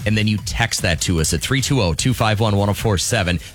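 A man hosting a morning radio show, joking around and pitching a call-in contest. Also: quick pace, soft background music. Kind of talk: casual radio banter. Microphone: studio microphone.

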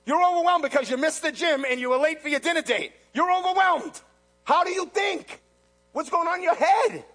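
A man preaching a sermon who repeats rhetorical questions and swings between hushed and loud. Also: very high voice, animated, fairly quick.

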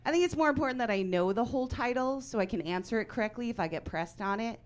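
Performing stand-up for a live comedy club crowd, this woman in her forties talks fast in a voice on the high side. She keeps a deadpan, dry tone, then erupts into loud fits of mock outrage.

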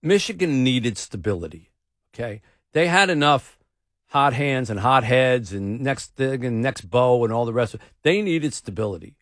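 A man hosting a radio talk show, telling stories in a casual, animated way and mimicking the people he quotes. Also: medium pitch, moderate pace, no room sound, studio quality. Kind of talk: casual chat.

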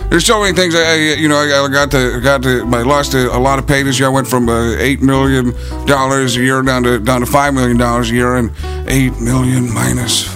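A man's voice: mid-range voice, steady tone, over music, natural voice. A man doing an impression of a rambling, stammering older male football commentator. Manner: stammering, halting.

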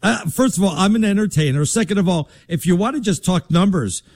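A man's voice: sits high, animated, fairly quick, a little mellow. A man from Connecticut hosting a sports talk show, arguing in a brash, emphatic and mocking way. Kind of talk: casual sports debate.

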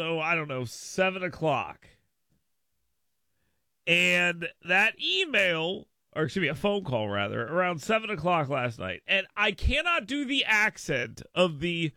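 A man hosting a radio talk show, telling a rambling, animated story with frequent asides from a studio microphone. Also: a little high, dry recording. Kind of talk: casual radio monologue.

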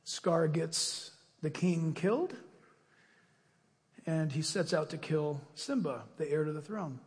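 A male pastor delivering a sermon and then a fervent, loud closing prayer. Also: on the high side, takes it slowly, long reverb tail.

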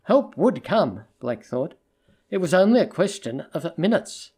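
A narrator reading a literary short story aloud in a measured, steady storytelling manner. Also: mid-range voice, slightly rough.

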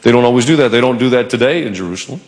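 Gravelly-voiced male pastor in a reverberant hall. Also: medium pitch, rapid-fire. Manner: animated storytelling, acting out quoted lines. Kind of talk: sermon. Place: church.

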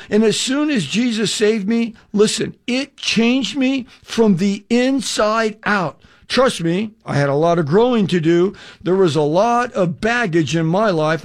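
An older man in his sixties tells his testimony like a radio preacher. His voice sits high for a man and swings widely, and he slips into little voices for the people in his story. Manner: animated storyteller, acts out quoted people with shifting voices, wry humor. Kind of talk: personal testimony told as a story.

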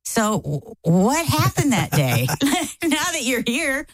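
A woman's voice: high voice, slow, no echo. A middle-aged woman co-hosting a casual talk, telling a story and acting out the quoted lines. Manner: animated, acts out quoted lines. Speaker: co-host.

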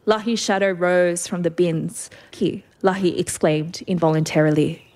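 Woman reading a story. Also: lowish voice. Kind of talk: reading a first-person story aloud.

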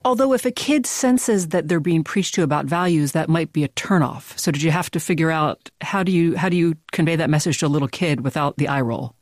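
A woman interviewing a guest on public radio, asking measured, curious questions. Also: sits low, no echo, clean studio sound.

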